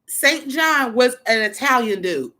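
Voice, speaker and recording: A woman hosting a casual music stream, loose and profane, reminiscing and giving shout-outs to friends. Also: a little high, animated, unhurried. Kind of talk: casual chat over music. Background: faint hip hop music.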